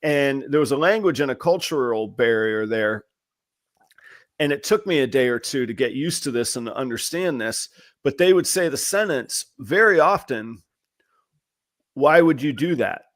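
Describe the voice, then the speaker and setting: A man's voice: medium pitch, lively intonation, moderate pace. A man hosting a podcast, telling candid, self-deprecating work stories and acting out the quotes in them. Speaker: podcast host. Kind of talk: casual chat.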